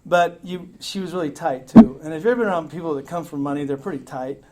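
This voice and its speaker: A man's voice: on the high side, quick pace, dark tone, poor audio. A man telling his story at a recovery meeting in a rambling, joking, profane way. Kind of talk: casual storytelling talk. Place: meeting room with a crowd. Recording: live meeting talk with audience laughter.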